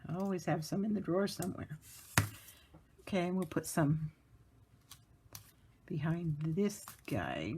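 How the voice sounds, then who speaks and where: A chatty woman talks through a card-making tutorial in an unhurried way, her pitch rising and falling a lot. Small laughs break up her step-by-step narration at her work table, and a faint hiss sits under the camera-mic recording. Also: sing-song. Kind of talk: casual craft tutorial narration.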